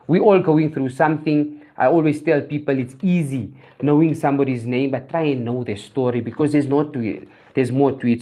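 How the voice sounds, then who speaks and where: A woman's voice: extremely low pitch, darkish tone. A woman host with a South African accent giving an earnest motivational talk, repeating phrases for emphasis. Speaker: show host.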